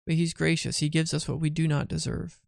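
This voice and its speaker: Guy doing a chatty bible study, sleepy and yawning, kinda high voice, dry close sound. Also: steady tone, brisk, vocal fry, no room sound. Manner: chatty, asks "right?" often, restarts phrases. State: tired and yawning. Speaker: Bible teacher. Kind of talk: conversational Bible study teaching.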